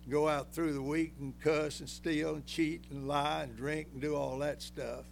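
An older man preaching a folksy, emphatic sermon that climbs to loud peaks and then drops low. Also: flat delivery, normal speed, gravelly, soft background music.

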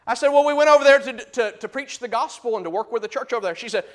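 A man delivering a sermon in a high-pitched voice. He pushes the scripture readings out loud and emphatic, then sinks into low, hushed explanation. It is a steady teaching preacher's delivery. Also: fast talker, hardly any pauses. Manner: emphatic, swings from loud high bursts to low quiet asides.

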